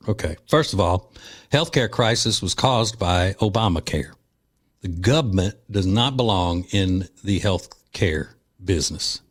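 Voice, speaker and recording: A man's voice: low-pitched, lively intonation, measured pace, slightly rough. Man, talk radio host, mocking, combative, scornful, opinionated monologue.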